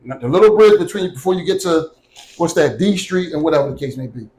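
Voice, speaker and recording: A man's voice: on the high side, expressive, fast, a little mellow, echoey room, rough recording. A man co-hosting a casual podcast, arguing emphatically and laughing often. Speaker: co-host.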